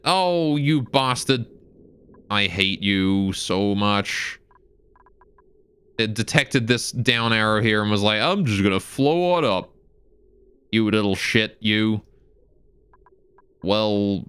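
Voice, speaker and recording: A man's voice: mid-range voice, fairly bright tone, smooth. A man streaming a game live, cursing and muttering as he plays and breaking off to chat with viewers. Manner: talks to viewers between game instructions. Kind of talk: live gameplay commentary.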